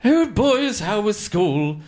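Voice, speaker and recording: A man's voice: sits high, sing-song, slow, darkish tone, voice pushed up, heavily acted. A man voicing an effusive, lofty middle-class mother. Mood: gushing.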